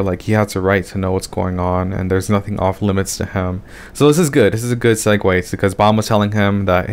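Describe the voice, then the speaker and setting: A man reviewing a webcomic chapter in a casual, exasperated rant, swearing often and tacking "man" and "dude" onto his sentences. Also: lowish voice. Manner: exasperated, profane, ranting.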